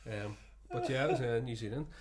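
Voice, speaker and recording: A man's voice: mid-range voice, fairly quick, slight background noise. A man co-hosting a podcast, chatting casually, swearing freely and laughing through his stories. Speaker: podcast co-host. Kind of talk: casual chat.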